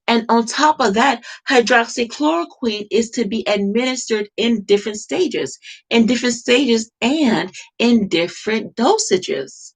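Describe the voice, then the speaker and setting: A woman with a slightly high, creaky voice speaks to the camera as a vlogger, delivering an impassioned monologue. She is emphatic and repetitive and fires off rhetorical questions.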